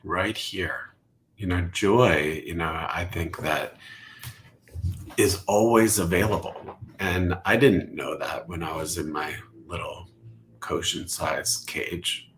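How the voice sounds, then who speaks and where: A middle-aged man, a Zen teacher, speaking softly and contemplatively as a podcast guest, sometimes dropping to a whisper. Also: sits low, slight background noise. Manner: slow, soft-spoken and contemplative, drifting into whispers. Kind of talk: reflective podcast conversation.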